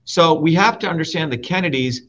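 A man's voice: fairly high pitch, fairly quick, pushed and bright. A man from India who grew up there, hosting and ranting about politics in a profane, emphatic way that repeats key words. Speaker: show host and guest speaker. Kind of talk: heated political rant. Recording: dull, slightly lo-fi audio.

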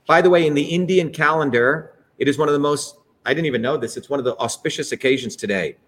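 A man's voice: fairly high pitch, fast talker. Heated, profane man ranting. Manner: heated, profane, rising to shouts. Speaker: host. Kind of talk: fiery political livestream speech.

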